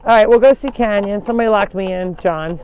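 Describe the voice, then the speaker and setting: A woman's voice: medium pitch, fast talker, darkish tone, slight background noise. Woman, casual live farm tour, chatty, calls to animals mid-sentence, outdoors. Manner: chatty, often breaks off to call animals. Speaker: animal sanctuary host.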